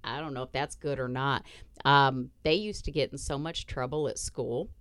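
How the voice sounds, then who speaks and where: A woman's voice: extremely low pitch, fairly even intonation, normal speed, a bit bright, clear, resonant tone, dry recording. A middle-aged woman hosting a podcast in casual chat, blunt and profane, laughing often. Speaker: podcast host.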